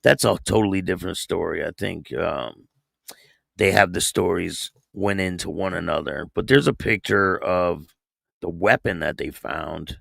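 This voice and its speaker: Gravelly low-voiced man hosting a livestream. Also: a little slow, fairly bright tone, dry recording, studio quality. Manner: reads chat names and donations aloud, reads news with stumbles. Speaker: online show host. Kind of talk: casual livestream chat and news reading.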